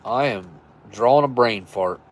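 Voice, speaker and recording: Rambling man thinking out loud. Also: medium pitch, unhurried. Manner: rambling, thinks aloud, self-correcting. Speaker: live stream host reviewing military rations. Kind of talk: casual live stream chat.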